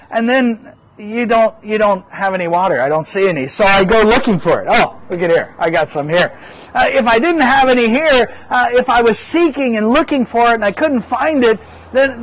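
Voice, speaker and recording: A man's voice: very high voice, fairly bright tone, low-quality recording. A pastor preaching a sermon in an earnest manner, often repeating words as he presses a point.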